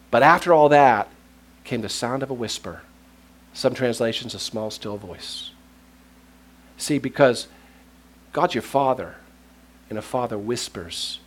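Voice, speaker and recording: A man preaching a sermon, telling stories, laughing often and dropping to a near-whisper at tender moments. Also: medium pitch. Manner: laughs often while speaking.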